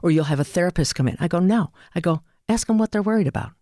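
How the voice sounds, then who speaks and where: A woman speaking as a guest in an interview, an animated storyteller who acts out quoted dialogue. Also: on the low side, rapid-fire, dry recording, studio quality. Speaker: hospice and palliative care advocate. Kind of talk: interview conversation.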